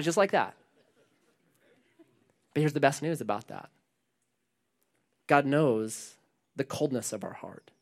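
A pastor with a slightly high voice preaches a sermon with animation, swinging between loud emphasis and hushed lines and putting questions to the congregation.

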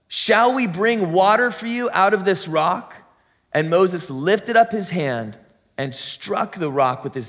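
A man with a fairly high voice preaches a sermon, moving between casual explanation and reading scripture aloud. His delivery is animated. The voice rings with the long reverb of a large hall. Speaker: pastor.

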